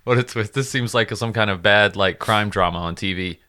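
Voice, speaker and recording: Easygoing podcast co-host: man, low but bright tone, relaxed and chummy, with faint music behind. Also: a little fast, smooth. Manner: laid-back, laughs easily, says dude. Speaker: podcast co-host asking questions. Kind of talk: casual podcast chat.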